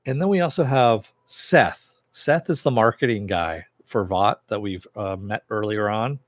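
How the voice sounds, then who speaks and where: Male TV reviewer, casual recap, lowish voice, dry close sound, filler-heavy and chuckling. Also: unhurried, dry recording. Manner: chatty, many fillers, chuckles while retelling. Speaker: TV series reviewer.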